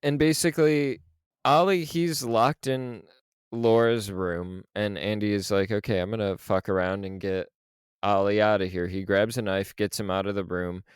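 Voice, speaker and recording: Male podcast co-host, low and smooth, animated and profane, recorded dry and close. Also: dry recording. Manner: animated, profane storytelling with frequent laughs. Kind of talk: casual film discussion.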